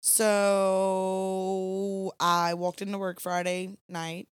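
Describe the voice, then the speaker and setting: A woman's voice: medium pitch, completely flat delivery, drawn-out words, clear, resonant tone, no room sound, studio quality. A young woman, co-hosting a podcast late at night and telling a long rambling story in casual chat. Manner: chatty, rambling, Southern "y'all" phrasing. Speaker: podcast co-host.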